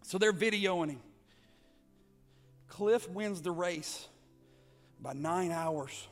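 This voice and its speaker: A man's voice: sits high, very slow, soft background music. A man preaching a sermon, building up with repeated phrases and rhetorical questions. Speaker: pastor.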